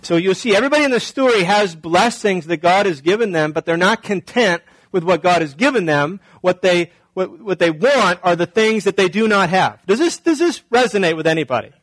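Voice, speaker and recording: Man preaching a sermon, higher voice. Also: expressive, a little fast, hardly any pauses, fairly bright tone, no echo, rough recording. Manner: conversational preaching with rhetorical questions. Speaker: pastor.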